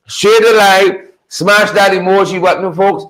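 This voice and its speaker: A man hosting a live stream, greeting viewers by name and repeating his phrases with high energy. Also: steady tone, unhurried, hardly any pauses, poor audio. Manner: repetitive, hypes viewers with shout-outs.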